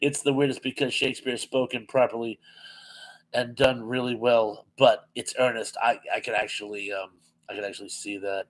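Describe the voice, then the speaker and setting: A man hosts a casual live-stream chat, reading viewer comments aloud with lots of ums and other fillers and laughing easily. His mid-range voice is level and at normal speed, and he's chatty. The audio quality is poor.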